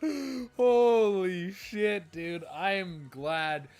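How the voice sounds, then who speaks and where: A podcast host reacting to a guest's story in casual chat, excitable and quick to laugh. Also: medium pitch, faint music behind.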